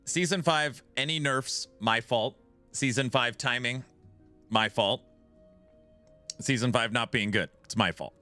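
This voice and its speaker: Bright-voiced male game streamer. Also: mid-range voice, measured pace, pauses often, soft background music. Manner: animated, repeats himself when starting sentences. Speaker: game streamer reading chat. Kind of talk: casual livestream chat.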